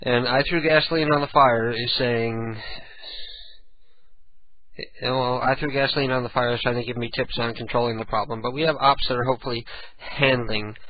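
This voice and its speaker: Male host, mid pitch, relaxed chatter, slightly muffled recording. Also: normal speed, dry recording. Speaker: radio show host. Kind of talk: casual live show chat. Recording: dull lo-fi recording.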